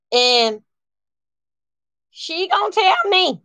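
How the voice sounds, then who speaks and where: A fairly high-voiced woman telling a story from her own life in a loose, colloquial way. She is emphatic and animated, and she acts out the lines of the people in her story. The recording is dry and close. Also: a little slow, no room sound. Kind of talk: casual spoken storytime.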